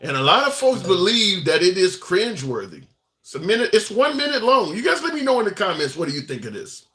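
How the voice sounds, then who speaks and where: A man's voice: high voice, sing-song, fairly quick, a bit bright. A man hosting a call-in show, arguing politics in casual, profane chat and laughing often. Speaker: talk show host.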